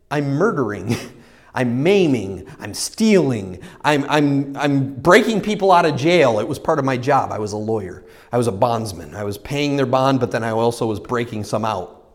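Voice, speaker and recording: A man's voice: medium pitch, in a large hall. A man preaching a sermon as a pastor, telling stories with energy and acting out the voices in his own head. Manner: animated storytelling, acts out his own inner voices.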